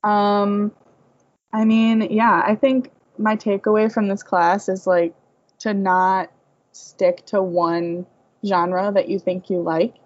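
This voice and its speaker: A young adult woman on student journal staff shares her takeaways in a relaxed, easygoing way with hesitant fillers, heard over a remote call. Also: mid-range voice, slow pace, no echo. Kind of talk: casual group reflection. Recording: dull, lo-fi, dry sound.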